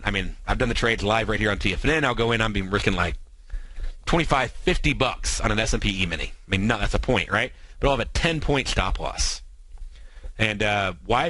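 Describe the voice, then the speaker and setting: An American man hosting a trading show, explaining strategies in quick, filler-heavy talk. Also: mid-range voice, bright, forceful tone, dry recording, low-quality recording. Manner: talks fast, many fillers and asides.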